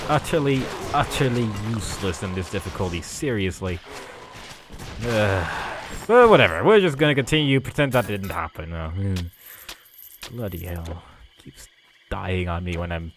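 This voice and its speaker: Male let's play host: rambling, joking at his own expense, lively ups and downs. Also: deep voice, moderate pace, slight background noise. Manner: chatty, self-mocking, rambling with fillers. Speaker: gaming video host.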